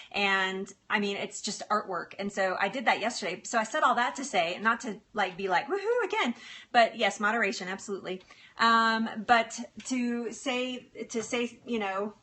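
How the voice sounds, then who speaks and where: Bright chatty woman cooking live. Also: mid-range voice, normal speed. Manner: chatty, laughs often, addresses viewers by name. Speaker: cooking livestream host. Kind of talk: casual livestream cooking chat.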